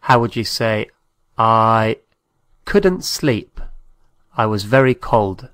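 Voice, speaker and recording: A man's voice: on the low side, lively intonation, takes it slowly, fairly bright tone, no room sound. A man giving a patient language lesson, spelling out words letter by letter. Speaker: Spanish teacher.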